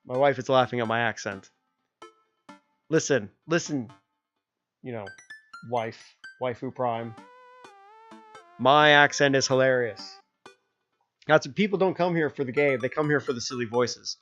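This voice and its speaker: With a mid-range, fairly bright voice, a young man takes his time narrating a dating game, pausing at length. His delivery is jokey, switching between narrator and characters. Faint music sits beneath a somewhat dull lo-fi recording.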